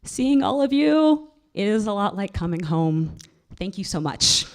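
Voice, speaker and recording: Slow, laughing woman presenting an award. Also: medium pitch, big pitch swings. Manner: laughing, stumbles over names. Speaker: keynote speaker presenting an award. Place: stage at a live event.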